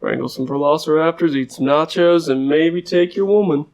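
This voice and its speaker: A man's voice: a little high, moderate pace, a little mellow. A man guest on a podcast, trading joking banter in casual chat.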